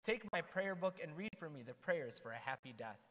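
Man, high voice, lively church storyteller, long reverb of a hall. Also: moderate pace. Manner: warm, animated storytelling with asides. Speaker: church speaker. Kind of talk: storytelling talk to a youth group.

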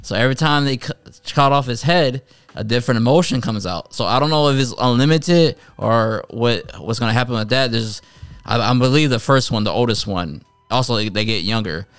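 Male reviewer, mid pitch, rambling casual delivery, dry close recording. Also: fairly quick, a bit bright, clean tone, no echo. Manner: rambling, loose retelling with many fillers and restarts. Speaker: anime reviewer, channel host. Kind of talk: casual spoken episode review.

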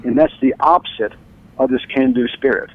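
Man, radio guest, lively storyteller, gravelly edge, tinny phone-line sound. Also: brisk. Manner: enthusiastic storyteller, acts out quotes with big pitch jumps. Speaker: author and guest. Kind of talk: animated radio interview storytelling.

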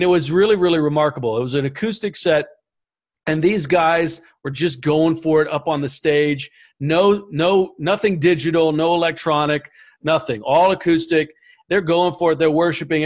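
A man on a panel telling his spiritual testimony in an animated way, often repeating words as he goes. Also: on the high side. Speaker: panel guest. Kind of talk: storytelling testimony.

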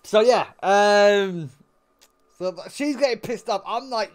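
A man's voice: high-pitched, slow, clean tone. A man streaming, telling a profane story to chat and laughing often.

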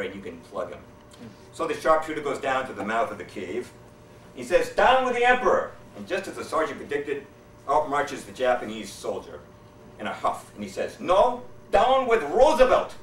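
A man's voice: lowish voice, fairly quick, fairly bright tone, slight background noise. A man tells political jokes at an event in a folksy way, chuckling at his own punchlines. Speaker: speaker at a political society event. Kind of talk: stand-up joke telling. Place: event hall, indoors. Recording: roomy hall, mic at a distance.

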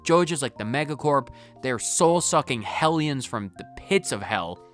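A man giving casual gameplay commentary, rambling and talking to himself, going off on tangents with sudden jumps in loudness. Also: medium pitch, expressive, moderate pace, soft background music. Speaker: gaming video host. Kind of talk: casual let's-play commentary.

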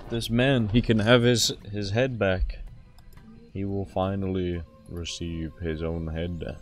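A young man plays through a game on video, his low-pitched voice steady and slow with soft music in the background. He's jokey and rambling, acting out snippets of dialogue as asides.

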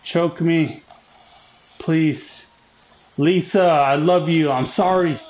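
A man's voice: on the high side, drawn-out words, darkish tone, slight background noise, rough recording. A man commentating as he plays a horror game, joking and teasing the game, with jumpy outbursts. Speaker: gaming channel host.

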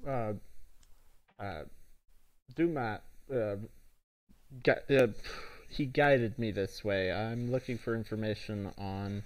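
A man's voice: lowish voice, slow, long pauses, rough recording. A man playing a tabletop game in character, asking questions and hesitating often. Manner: hesitant, inquisitive. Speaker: player.

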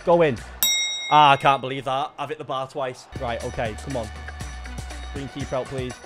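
A young man giving lively live commentary on his own gameplay, talking to himself and bursting into shouts. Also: medium pitch, moderate pace, music in the background. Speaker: gaming YouTuber.

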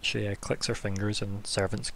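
A man's voice: lowish voice, little pitch movement, normal speed, vocal fry, fairly bright tone, a little hiss or hum. A man running a tabletop game as game master, narrating scenes in a loose, descriptive way with many fillers.

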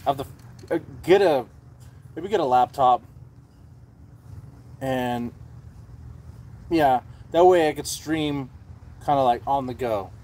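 A man's voice: mid-range voice, slow, pauses often, a little mellow. A man hosting a casual livestream, rambling and swearing freely as he chats. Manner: rambling and profane, with frequent restarts. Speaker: livestream host.

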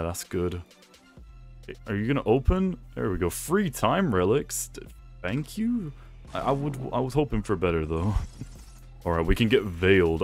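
A young man giving excitable gameplay commentary, talking to himself and laughing often. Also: low-pitched, creaky. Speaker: gaming YouTuber.

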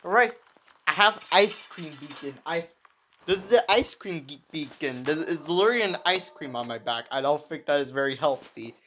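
A young woman narrating her gameplay with excited commentary, piling up exclamations, repeats and restarts. Her voice sits a little low, and faint noise hums under the recording. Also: normal speed. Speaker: gaming video creator.

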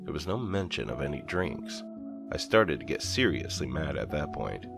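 A man narrating a first-person horror story in a measured storytelling manner. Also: extremely low pitch, sing-song, gravelly. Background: soft background music.

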